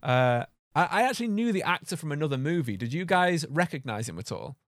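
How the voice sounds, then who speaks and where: A man's voice: a little high, big pitch swings, dry recording. Chatty young man, dry mic. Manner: rambling, filler-heavy, quick to laugh. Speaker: podcast co-host. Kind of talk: casual film chat.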